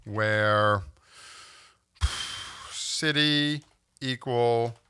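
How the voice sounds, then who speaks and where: A man teaching a screen-recorded software tutorial, explaining step by step and checking in with "okay?" as he goes. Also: medium pitch, extremely slow, smooth, no echo. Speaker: instructor.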